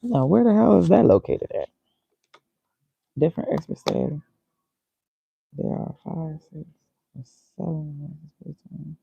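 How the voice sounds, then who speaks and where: A man's voice: fairly high pitch, expressive, takes it slowly, vocal fry, long pauses, slightly rough, dry recording, lo-fi sound. A man casually thinking aloud as he reads, muttering and reacting to himself. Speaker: vlogger.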